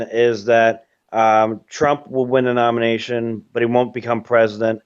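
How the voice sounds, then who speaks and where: A man's voice: medium pitch, little pitch movement, moderate pace, hardly any pauses, clean tone. Profane rambling man, lo-fi. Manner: profane, rambling, frequent fillers. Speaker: host of a webcast. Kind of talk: ranting casual commentary.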